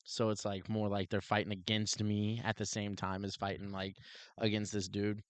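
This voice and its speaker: A man with a fairly low voice tells a story on a podcast in a loose, animated way. He keeps saying "like" and "dude" and acts out what people said. The sound is dry and close. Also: normal speed, no echo. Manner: animated, heavy use of "like" and "dude", acts out quotes. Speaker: podcast co-host, police officer. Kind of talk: casual storytelling chat.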